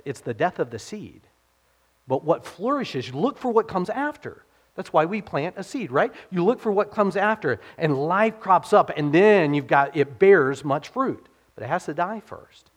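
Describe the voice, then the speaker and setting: A pastor, a man with a somewhat raised pitch, preaches in a relaxed, conversational way. He keeps asking his listeners questions and lowers his voice when he quotes scripture. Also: a little slow. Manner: informal, with rhetorical questions to the congregation. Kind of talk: conversational sermon.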